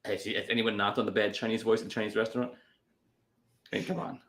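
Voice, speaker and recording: A man's voice: on the low side, level tone, quick pace, fairly bright tone. A man co-hosting a comedy podcast, telling wry stories about home life in a casual, joking manner. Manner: wry, storytelling, dry jokes. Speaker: podcast co-host.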